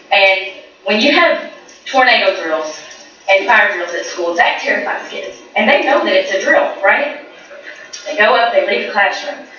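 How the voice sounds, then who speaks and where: A woman's voice: mid-range voice, sharp tone, slight background noise. A woman in her thirties, a mother addressing a school board, speaking earnestly and growing emotional. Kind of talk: public comment at a meeting. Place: large meeting room. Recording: echoey, distant, dull room recording.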